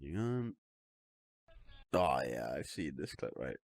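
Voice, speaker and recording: A man's voice: extremely low pitch, sing-song, slow, no room sound. A man co-hosting a casual podcast, laughing often and making blunt, sweary wisecracks. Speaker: podcast co-host.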